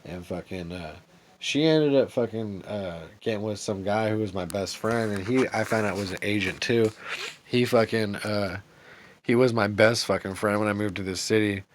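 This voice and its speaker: A man's voice: lowish voice, normal speed. A man telling a rambling, profane story straight to camera in a vlog, agitated and paranoid, full of "dude" and "like" and restarts.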